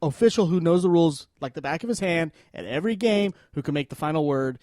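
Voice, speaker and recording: A man's voice: fairly high pitch, animated, fast talker, a little mellow, no echo, studio quality. A man co-hosting a casual sports podcast, earnestly arguing his point at length. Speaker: podcast co-host.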